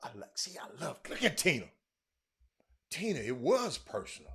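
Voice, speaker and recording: A middle-aged man hosting a sports talk show, chatting loudly and calling out viewers by name in casual Southern vernacular. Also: mid-range voice, normal speed, creaky, slightly rough. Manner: loud, excitable, calls out viewers by name; Southern vernacular, y'all and ain't. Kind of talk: casual livestream chat reading comments.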